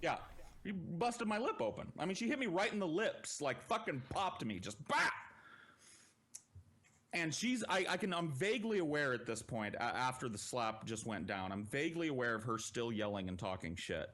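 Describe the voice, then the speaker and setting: Man, podcast storyteller, casual, swears a lot, animated, middle pitch. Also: fairly quick, a little hiss or hum. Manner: profane, animated.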